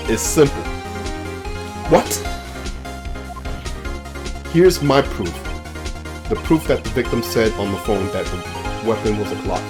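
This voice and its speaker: A man's voice: on the low side, expressive, slow, long pauses, over music. Man reading a determined young male defense lawyer, game reading. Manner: determined, accusing.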